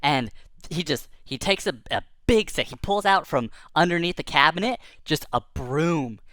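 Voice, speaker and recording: A woman's voice: sits low, lively intonation, moderate pace, a bit bright, no echo, studio quality. A woman telling a silly first-person tall tale for kids, playful and exaggerated, breaking into sing-song chants. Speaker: storyteller.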